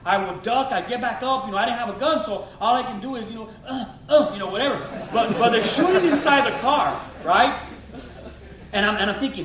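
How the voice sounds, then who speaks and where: A middle-aged man, a pastor from Los Angeles telling his testimony in an animated way, full of slang and acted-out quotes. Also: very high voice, fairly quick, noisy background. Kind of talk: testimony sermon. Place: church. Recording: echoey church hall from far off.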